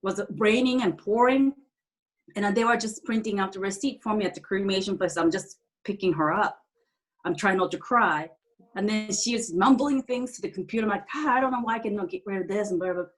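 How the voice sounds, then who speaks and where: A woman telling a personal story in a casual group chat, halting and often restarting her sentences, with non-standard grammar. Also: medium pitch. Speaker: group participant sharing a story.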